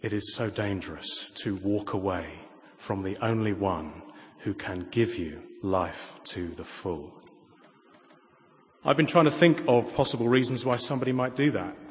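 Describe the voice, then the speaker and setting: A man preaching a sermon, moving from raised, emphatic lines to quiet, intimate asides and pointed rhetorical questions. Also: on the low side, expressive, moderate pace, a little hiss or hum. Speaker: pastor. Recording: long reverb of a large hall.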